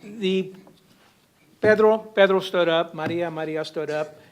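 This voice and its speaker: A man with a fairly high voice tells a funny personal story to a symposium audience. He keeps checking in with a quick "okay?" as he goes. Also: clean tone. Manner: humorous anecdotal delivery with frequent "okay?" tags. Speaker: panelist. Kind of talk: storytelling panel talk. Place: university symposium hall.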